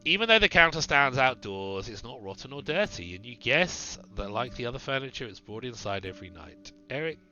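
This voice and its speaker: A man's voice: medium pitch, big pitch swings, brisk, hardly any pauses, sharp tone, lo-fi sound, soft background music. A man streaming a text game, reading the story aloud and making wry, chatty comments.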